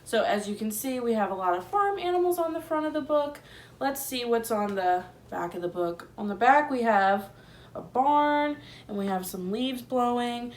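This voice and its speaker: A woman teacher reading a picture book aloud to young children, gentle and expressive, asking them questions. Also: a little high, moderate pace.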